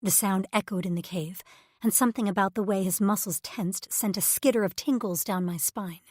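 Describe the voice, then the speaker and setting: A woman's voice: mid-range voice, normal speed, darkish tone, no echo. Woman reading a romance audiobook, first person, intimate and emotional, dry close mic. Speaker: audiobook narrator.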